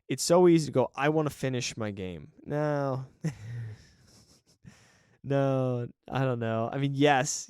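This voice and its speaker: A man's voice: mid-range voice, a little mellow, clear, resonant tone, no echo, studio quality. A man hosting a solo podcast in a chatty, encouraging way, often correcting himself and laughing briefly. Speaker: podcast host. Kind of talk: casual solo podcast talk.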